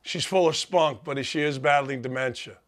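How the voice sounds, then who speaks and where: A man's voice: medium pitch, normal speed, a bit bright. A middle-aged man hosting a sports talk show, pouring out heartfelt, emphatic thanks while tearful. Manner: heartfelt, emphatic, repetitive gratitude. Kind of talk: emotional monologue.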